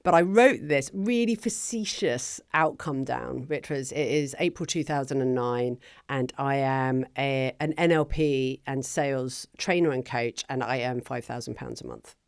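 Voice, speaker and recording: A woman's voice: very deep voice, unhurried, dry recording. Chatty middle-aged woman, dry sound. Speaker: guest, business founder. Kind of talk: casual interview storytelling.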